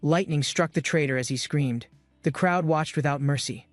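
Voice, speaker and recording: A man's voice: a little high, moderate pace, no echo, soft background music. A man giving scripted, dramatic narration of a comic-book recap.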